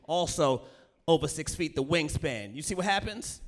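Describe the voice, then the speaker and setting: A male comedian telling a story live on stage in an animated, self-mocking way, acting out the scenes. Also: on the high side, moderate pace. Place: stage at a cultural center.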